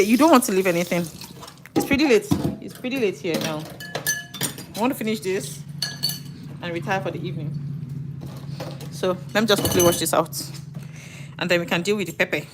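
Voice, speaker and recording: A middle-aged woman talks her viewers through a live home-cooking session. She chats easily at a mid pitch, thinks aloud and fixes her own words mid-sentence. Faint noise sits behind her voice. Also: fairly quick, long pauses. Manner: chatty, thinks aloud, self-correcting. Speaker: home cook and live streamer. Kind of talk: casual live cooking chat. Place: home kitchen.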